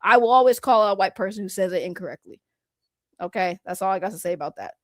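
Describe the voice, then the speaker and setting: A woman giving casual reaction commentary, animated and blunt, laughing often with slangy talk. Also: medium pitch, fast, dry recording, studio quality. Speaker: reaction streamer.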